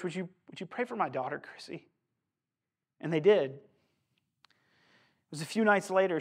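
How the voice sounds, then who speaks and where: A male pastor preaching a sermon in a church sanctuary, earnest and conversational, often turning to the congregation with asides. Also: on the high side.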